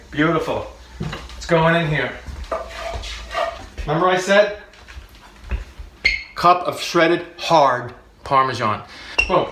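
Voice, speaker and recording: A man's voice: a little high, heavy background noise. Joking cooking-show man in an echoey kitchen. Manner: jokey, chatty, laughs often, repeats points for emphasis. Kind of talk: comedic cooking demonstration. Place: home kitchen.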